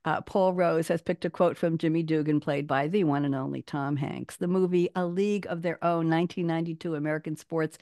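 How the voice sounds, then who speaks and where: A woman hosting a live online talk show, chatty and animated, laughing often, speaking over a video call. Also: sits low, brisk, few pauses, no room sound, studio quality. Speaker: host.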